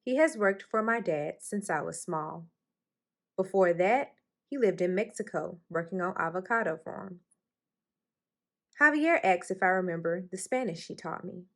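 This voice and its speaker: A woman's voice: fairly low pitch, animated, unhurried. A woman reading a children's picture book aloud for storytime, raising her voice expressively for the characters' lines. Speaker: storytime reader.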